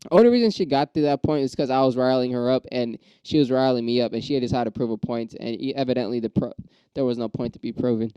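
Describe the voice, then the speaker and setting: Brief: man rambling and cursing through a vlog rant, warm smooth tone, dull dry lo-fi recording. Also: medium pitch, fast, no room sound. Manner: profane, rambling ranting with restarts; gets riled up then calms. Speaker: aspiring stand-up comedian. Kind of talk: casual monologue vlog.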